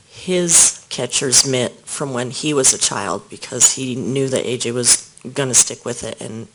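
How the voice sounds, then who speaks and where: Male witness in court; soft, hesitant testimony, average pitch. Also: a little hiss or hum, rough recording. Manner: soft-spoken, halting, with small restarts.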